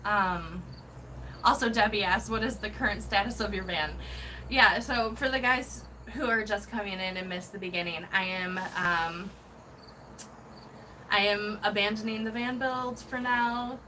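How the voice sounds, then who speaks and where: A woman's voice: mid-range voice, a little slow, sharp tone, slight background noise, rough recording. A woman hosting a casual van-life livestream, reading viewer comments and gushing with thanks, laughing often.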